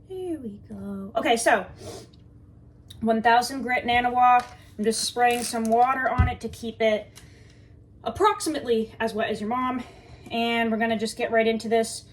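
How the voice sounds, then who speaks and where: A woman reviewing a knife in a casual, chatty way, joking and talking straight to her viewers while she sharpens at her workbench. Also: a little high.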